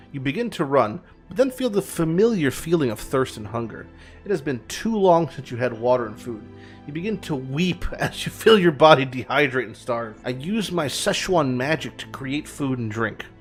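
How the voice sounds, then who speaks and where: A man casually commenting while playing a text game, joking, swearing and reading the game's text aloud. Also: medium pitch. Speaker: game streamer.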